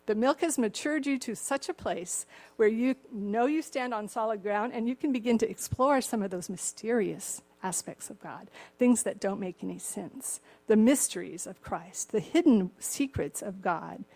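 A woman's voice: medium pitch, moderate pace. Older woman preaching with a slightly cracked voice. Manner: warm chuckling asides, acts out the story voices. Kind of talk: sermon.

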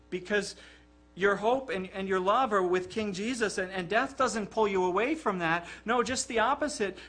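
A man's voice: high-pitched, a bit bright. A man preaching a sermon in an earnest, emphatic way, often repeating words as he presses a point.

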